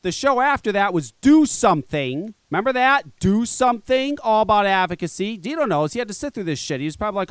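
A man hosts a live show and rants in an angry, mocking way, swearing often. His voice sits high and swings widely up and down. It sounds clear and dry, close to the mic. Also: big pitch swings, a little fast, few pauses, dry recording. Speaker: podcast host. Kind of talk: profane ranting live show.

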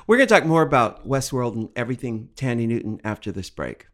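Host, woman, very lively in pitch, gushing and animated. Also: quick pace. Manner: animated, effusive. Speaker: podcast co-host. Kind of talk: casual chat and interviewing.

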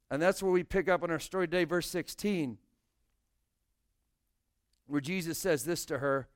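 A man's voice: on the high side, moderate pace, no echo, clean studio sound. A male pastor preaching a sermon, explaining scripture and speaking directly to his congregation.

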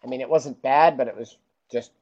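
A man's voice: mid-range voice, brisk, darkish tone, muffled recording. A man giving matter-of-fact spoken feedback as a judge in casual chat, dry and hesitant with frequent ums. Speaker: judge scoring bagpipe submissions.

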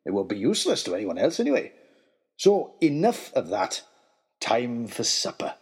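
A man voicing a gentle, hearty host with a stern edge, in a storybook reading. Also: medium pitch, huge pitch swings, moderate pace, slightly rough, heavily acted. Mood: kindly.

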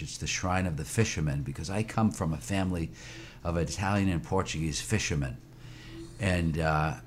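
A priest in his sixties talks through his memories in a very low, deep voice, halting often with fillers and restarts. Faint room noise sits under his speech. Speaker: priest, interview guest. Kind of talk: reflective interview conversation.

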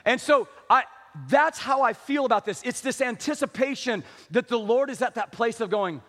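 A man's voice: very high-pitched, normal speed, fairly bright tone, big-room sound. A middle-aged male pastor preaching an impassioned, conversational sermon full of rhetorical questions to his church. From small-town upbringing.

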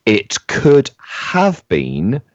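A man co-hosting a children's show, playing word games in a calm, measured way. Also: medium pitch, no room sound. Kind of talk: educational chat for children. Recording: dry, dull lo-fi sound.

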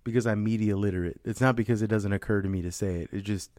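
A man's voice: on the low side, steady tone, quick pace, a little mellow, dry recording, clean studio sound. A young man from the Bay Area, rambling in casual comedic chat, swearing a lot and saying "you know what I'm saying". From San Francisco Bay Area.

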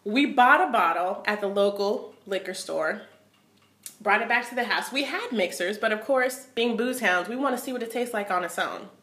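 A woman co-hosting a casual travel chat, telling stories with animation and acting out people in a high, excited voice. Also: moderate pace, reverberant. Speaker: co-host.

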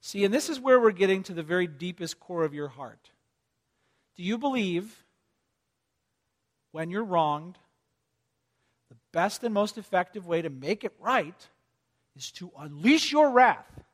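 A man preaching to his congregation in a high, light voice. He moves from loud, urgent appeals down to hushed, near-whispered lines, and he keeps asking his listeners question after question. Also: expressive, measured pace, pauses often. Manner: asks the congregation repeated questions. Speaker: pastor. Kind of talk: sermon.

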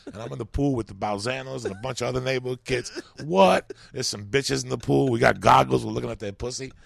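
A man's voice: medium pitch, fast talker, vocal fry, no room sound, clean studio sound. A man telling rambling, profane stories as a comedian guest on a podcast. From New York. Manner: animated, swearing, rambling.

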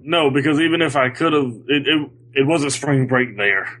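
A man co-hosting a casual podcast chat, answering in a dry, low-key way. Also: normal speed, fairly bright tone, slight background noise, low-quality recording.

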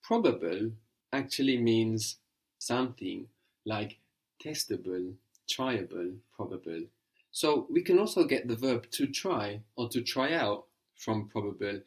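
A man's voice: lowish voice, animated, a little slow. A man teaching a guided language lesson, patient and encouraging, explaining each step and prompting his student.

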